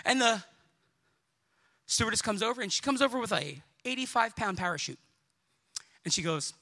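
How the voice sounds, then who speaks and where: A man preaching a sermon in a strikingly high, sharp and piercing voice. He delivers it with lively energy, slipping into character voices for his stories and climbing to shouts at his strongest points. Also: normal speed, long pauses. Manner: animated, acts out quoted voices, builds to shouts.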